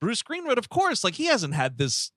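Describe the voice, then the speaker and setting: A man riffing on a movie with his co-hosts, his pitch leaping around as he acts out scenes. His voice is bright and sits a little high, close to the mic in a dry room. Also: moderate pace, no room sound. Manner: animated, swears, acts out movie lines in silly voices. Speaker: podcast co-host. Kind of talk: casual comedic movie review.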